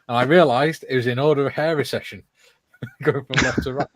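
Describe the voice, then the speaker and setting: A man's voice: mid-range voice, fairly even intonation, brisk, noisy background. A man hosting a casual live-stream chat, reading viewer comments aloud with chuckles. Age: older. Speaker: host.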